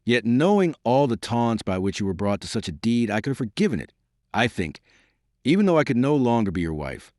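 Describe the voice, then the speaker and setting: Man doing a grieving young noblewoman, accusing, scornful, lifted and lively, dry and close. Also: medium pitch, brisk, no echo, close to an everyday voice. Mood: bitter, accusing. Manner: accusing and bitter.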